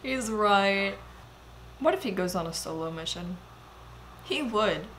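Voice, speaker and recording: A woman giving casual movie reaction commentary, excitable and swearing as she talks back to the screen. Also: medium pitch, unhurried, a little hiss or hum.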